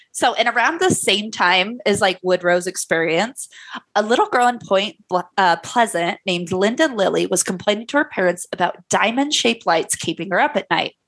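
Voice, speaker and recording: A woman's voice: medium pitch, expressive, moderate pace, fairly bright tone, no echo. A young woman host narrating a story casually, loose and profane, with a sore throat. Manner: loose and profane, many fillers. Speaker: podcast host.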